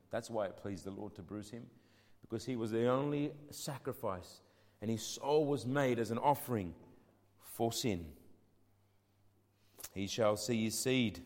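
Man, preacher, fervent sermon, swings from loud to hushed, old-fashioned scripture reading, mid-range pitch, long hall echo. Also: moderate pace. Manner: impassioned, swinging from loud declaiming to hushed pleading.

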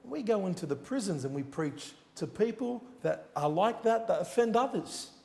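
A man's voice: sits high, expressive, normal speed, gravelly, darkish tone. A man preaching a sermon, telling a personal testimony in an earnest, storytelling way with rising emphasis. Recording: long hall reverb.

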